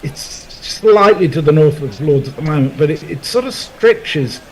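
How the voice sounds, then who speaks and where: A fairly high-voiced man giving cricket commentary, measured and halting with many small pauses. He weighs his words carefully. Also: expressive, husky, low-quality recording. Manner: measured, hesitant. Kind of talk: casual cricket commentary chat.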